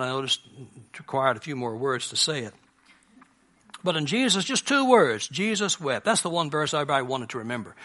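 Bright-voiced man preaching a sermon. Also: fairly high pitch. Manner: earnest, swinging from emphatic to hushed. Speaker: pastor.

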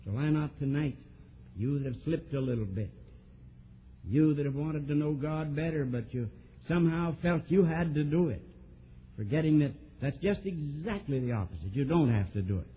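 A man preaching a sermon, telling a story and swinging from soft, low asides to emphatic, raised lines. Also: animated, normal speed, slightly rough. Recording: old tinny lo-fi sermon tape.

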